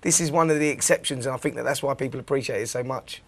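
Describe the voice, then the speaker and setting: A man co-hosting a studio chat show, giving measured, reflective opinions. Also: mid-range voice, breathy edge. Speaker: co-host.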